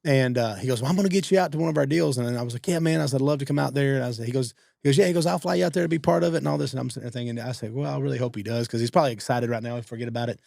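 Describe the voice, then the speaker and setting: A man, co-hosting a podcast and telling stories in a casual, animated way, acting out what other people said. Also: medium pitch, vocal fry, no echo, clean studio sound. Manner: fast-talking, animated quoting of others. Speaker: podcast co-host. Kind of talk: casual storytelling.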